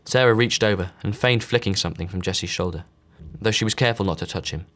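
A man reads a novel aloud in a low, steady voice. He gives each character only a slight change of voice. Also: quick pace. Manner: reads all characters with small voice shifts. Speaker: audiobook narrator. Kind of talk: scripted narration.

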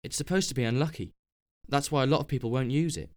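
A man reading the part of an earnest, superstitious young woman who is easily flustered, speaking insistently and a little higher than his own voice. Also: quick pace, darkish tone, lightly acted. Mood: uneasy.

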